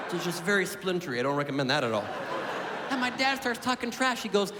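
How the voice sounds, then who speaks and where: Brief: male stand-up in his thirties, high, swooping, neurotic delivery, live hall with laughing crowd. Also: fast talker, background noise. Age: 30s. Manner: animated, neurotic storytelling with voice swings. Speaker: stand-up comedian. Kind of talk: stand-up comedy set. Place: comedy stage before a live audience.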